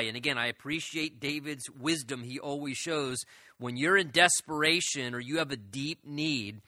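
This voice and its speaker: A man preaching with a very bright, forceful voice, earnest and emphatic as he walks through a text. The sound is close and dry, with no room around it, and he draws out the lines he wants to stress. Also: on the high side, no echo. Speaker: pastor. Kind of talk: expository sermon.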